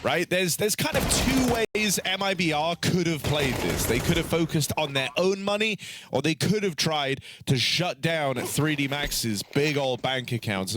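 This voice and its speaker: A man calling a live esports match, with fast, animated and jokey play-by-play. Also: a little high, background noise. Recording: loud game gunfire behind the voice. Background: game gunfire and clicks.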